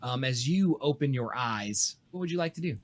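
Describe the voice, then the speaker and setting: A man narrating as game master in a relaxed way, often saying "excellent". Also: medium pitch, moderate pace.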